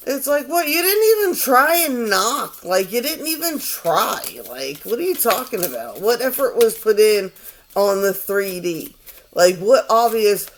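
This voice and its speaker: A man's voice: high voice, big pitch swings, a little slow. A man in his forties giving a casual tarot reading, rambling, swearing and sounding exasperated. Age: 40s. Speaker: tarot reader.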